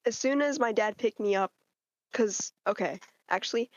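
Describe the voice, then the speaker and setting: A woman's voice: on the high side, normal speed, dry recording. A teenage girl tells her story on a podcast and acts out what other people said. Her voice is dry and a little dull, as if recorded close to a cheap microphone. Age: teens. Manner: animated, quotes people in changing voices. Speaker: podcast guest. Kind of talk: casual storytelling chat.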